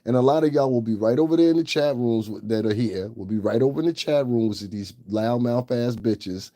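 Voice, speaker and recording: A man's voice: mid-range voice, brisk, mellow, dry recording. A man hosting his own channel, giving blunt, profane and scornful commentary. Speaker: channel host. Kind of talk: ranting livestream commentary.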